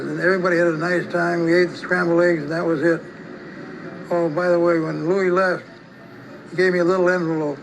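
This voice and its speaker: An older man telling a personal story in a relaxed, rambling way, often restarting his sentences. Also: a little high, creaky, noisy background. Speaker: storyteller recalling his past. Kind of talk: casual spoken reminiscence.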